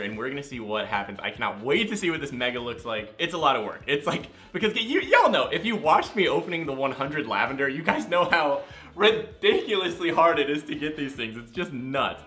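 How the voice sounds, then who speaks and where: A young man giving excited gameplay commentary, gushing and talking straight to his fans while very tired from little sleep. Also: medium pitch, fairly quick. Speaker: gaming YouTuber.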